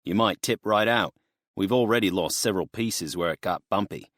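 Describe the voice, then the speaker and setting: A man's voice: low-pitched, normal speed, a bit bright, dry recording, studio quality. A man voicing a jovial bearded truck driver from the backwoods, speaking in an exaggerated drawl.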